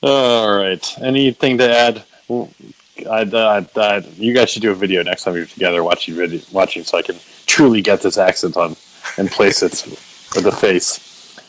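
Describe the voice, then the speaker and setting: A man's voice: lowish voice, steady tone, moderate pace, fairly bright tone, rough recording. A man hosting a casual podcast recap, swearing often and mocking himself as he rambles with restarts. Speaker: podcast host.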